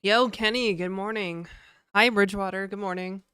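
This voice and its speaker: A man's voice: high voice, steady tone, normal speed, pushed and bright, clear, resonant tone, no echo, clean studio sound. A young man livestreaming casually, slightly nasal from a cold, chatting and rambling as he greets viewers by name. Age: young adult. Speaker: livestreamer and game developer.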